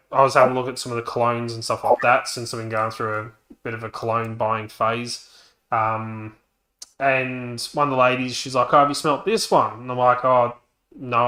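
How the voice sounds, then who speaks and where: A man on a live stream, telling stories in a lively way and acting out the people he quotes. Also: medium pitch. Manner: animated storytelling, acts out quoted voices. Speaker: co-host. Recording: echoey room.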